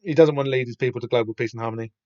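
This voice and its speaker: A man's voice: mid-range voice, fairly even intonation, rapid-fire, warm tone, no room sound. A man hosting a podcast, talking through a comic in a rambling, casual way with lots of fillers and restarts. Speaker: podcast host. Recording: dull lo-fi sound.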